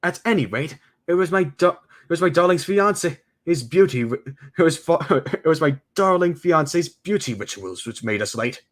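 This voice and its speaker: A man's voice: on the high side, lively intonation, normal speed, pitched above the performer's own voice, natural voice. A man voicing an arrogant wealthy young man who speaks in a smug, condescending way.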